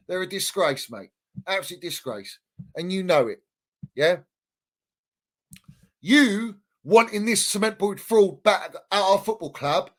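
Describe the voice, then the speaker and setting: A man's voice: fairly high pitch, fairly bright tone. A man hosting a fan channel livestream, ranting heatedly in slang and repeating himself. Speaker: football fan channel host.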